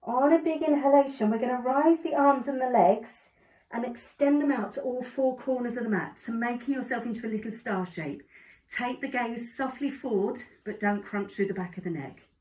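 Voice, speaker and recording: A woman calmly guiding a yoga class with encouraging cues. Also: fairly high pitch, normal speed. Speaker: yoga instructor. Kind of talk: guided exercise instruction. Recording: echoey room, distant mic.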